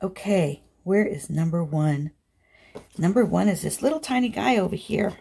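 A woman crafting vlogger chatting casually through an unboxing, gushing with excited exclamations. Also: fairly low pitch, moderate pace, gravelly, breathy edge.

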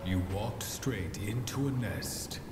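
A grim, deep-voiced game narrator. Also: male voice. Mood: ominous. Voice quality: deep, slow and foreboding. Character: grim male narrator warning of a beast. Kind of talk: ominous scripted game narration. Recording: roomy game soundtrack with loud music.

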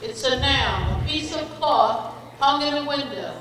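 Woman, spelling bee pronouncer, high voice, slow and patient, distant mic, echoey hall. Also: lively intonation, crowd noise. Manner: measured and patient, calls each child friend. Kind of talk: reading words, definitions and sample sentences. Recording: echoey hall, voice far from mic, faint noise.

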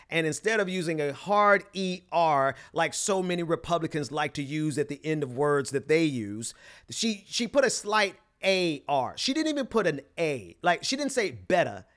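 A man from Mississippi with a softened Southern accent, hosting political commentary in an emphatic, scornful way with frequent restarts. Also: a little high, animated, moderate pace.

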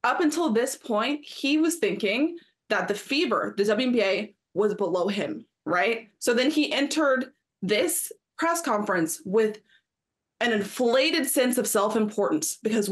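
A woman's voice: fairly high pitch, animated, measured pace. A woman co-hosting a sports talk show, arguing her point emphatically and acting out quotes in mocking voices. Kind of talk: studio discussion.

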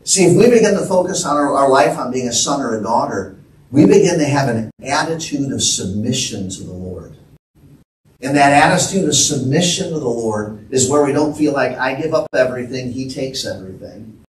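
A man's voice: mid-range voice, animated, moderate pace, slight background noise. Earnest male pastor in an echoey church. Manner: earnest, emphatic, calls out to the congregation. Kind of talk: sermon with storytelling. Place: church sanctuary. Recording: echoey church room from a distance.

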